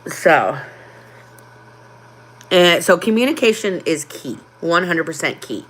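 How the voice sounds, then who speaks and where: A woman hosting a casual livestream, talking openly and from the heart, with frequent ums and pauses. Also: fairly low pitch, animated. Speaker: livestream host.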